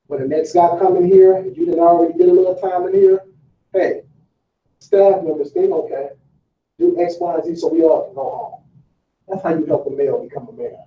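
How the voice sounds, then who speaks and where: A man delivers a fiery motivational talk to a room full of listeners, his rather high voice driving home each point with rhetorical questions and loose, casual phrasing. He is caught from a distance in an echoing room. The sound is dull, with faint ambient noise underneath. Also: fairly quick. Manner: emphatic and preachy, with rhetorical questions to the crowd; colloquial, casual street phrasing. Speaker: motivational speaker. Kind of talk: motivational speech to a live room. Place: large room with a live audience.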